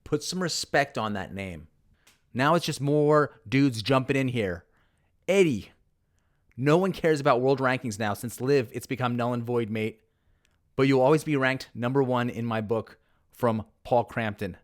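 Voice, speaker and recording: A man's voice: mid-range voice, measured pace. A man hosting his own golf channel, telling a story and reading posts aloud in a sarcastic, mock-dramatic way. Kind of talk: narrated commentary reading tweets aloud.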